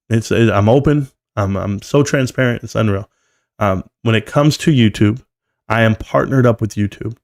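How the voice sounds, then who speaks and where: Brash male host of a live market stream, cocky and taunting, mid-range voice. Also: mid-range voice.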